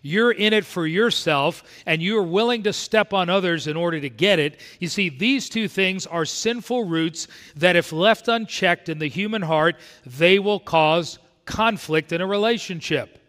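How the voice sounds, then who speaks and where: A man's voice: sits high, unhurried, few pauses, a bit bright. A man preaching a sermon as pastor, emphatic and repeating his key points. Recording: long church hall reverb.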